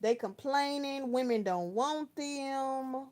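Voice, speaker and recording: Brief: woman, around thirty, from Texas, livestream host, slangy storyteller, slightly high voice. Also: slow pace, darkish tone. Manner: chatty storytelling with slang, talking to viewers by name. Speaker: live chat host. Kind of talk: casual livestream chat, reading viewer comments.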